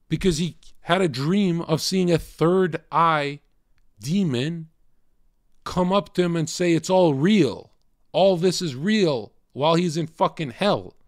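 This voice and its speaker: A man ranting on a livestream, profane and combative, swinging between loud outbursts and low muttering. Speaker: streamer. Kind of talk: casual livestream rant.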